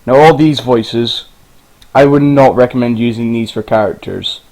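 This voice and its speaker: A man talks through a game tutorial in a loose, rambling way. He wanders off track and swears now and then. His pitch sits in an ordinary middle range. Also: moderate pace, darkish tone, low-quality recording. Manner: rambling, informal, swears casually. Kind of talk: casual screen-recorded game tutorial.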